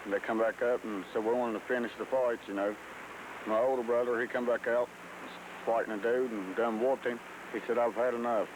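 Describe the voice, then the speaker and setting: A man's voice: medium pitch, fairly even intonation, fairly quick. Plain-spoken man, noisy audio. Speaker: interviewee. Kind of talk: documentary interview.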